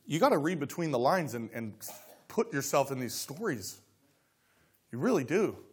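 A man preaching a sermon, telling stories and acting out scripture dialogue, dropping to quiet asides between loud exclaimed lines. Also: medium pitch, very animated, moderate pace, breathy edge. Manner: storytelling, swings from soft asides to loud dramatic quotes; acts out dialogue of scripture characters. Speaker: pastor.

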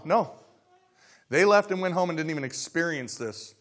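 A man preaching a sermon, telling stories and acting out scripture dialogue, dropping to quiet asides between loud exclaimed lines. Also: a little high, lively intonation, moderate pace. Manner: storytelling, swings from soft asides to loud dramatic quotes; acts out dialogue of scripture characters. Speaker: pastor.

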